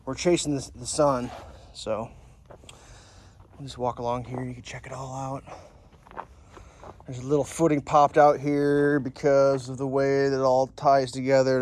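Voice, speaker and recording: Blunt, joking builder on a job site. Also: male voice, mid-range voice, darkish tone, a little hiss or hum. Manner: blunt, joking, swears freely. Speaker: home builder. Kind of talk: casual how-to vlog. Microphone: handheld camera, some of it filmed one-handed by himself.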